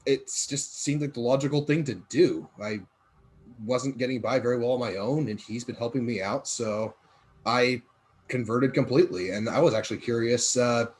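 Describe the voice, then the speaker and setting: A man's voice: medium pitch, normal speed, close to an everyday voice. Guy playing an earnest, kinda hesitant archaeologist, lots of uhs, plain voice. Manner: earnest, hesitant with many fillers. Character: male archaeologist, newly devout and earnest.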